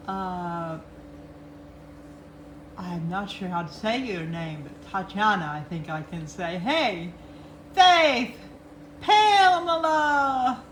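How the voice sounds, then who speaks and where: A woman's voice: mid-range voice, fairly bright tone. A woman hosting a casual live chat, greeting viewers by name and laughing often. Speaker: livestream host. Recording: echoey room, faint background noise.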